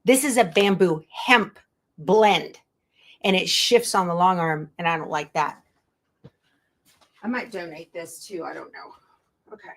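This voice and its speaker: A woman's voice: lowish voice, unhurried, pauses often. A woman hosting a quilting show, chatting casually to viewers and herself as she sorts her craft room. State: out of breath at times. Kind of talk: casual chat while tidying. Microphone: earbuds.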